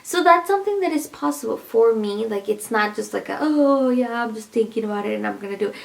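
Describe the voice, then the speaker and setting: A woman's voice: a little high, expressive, fairly quick, gravelly. A pregnant woman chatting to her viewers in a casual vlog, rambling and laughing often as she talks. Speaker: vlogger.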